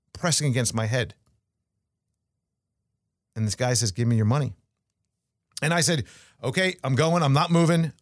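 A man's voice: mid-range voice, dry recording, studio quality. A man giving casual market commentary, conversational and chatty, with fillers, restarts and storytelling asides.

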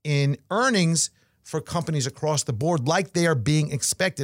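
A man with a slightly higher voice gives a casual market commentary, talking in a loose, conversational way with fillers and the odd story. The sound is dry and close, with no room around it. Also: dry recording. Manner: conversational, storytelling asides, frequent fillers and restarts.

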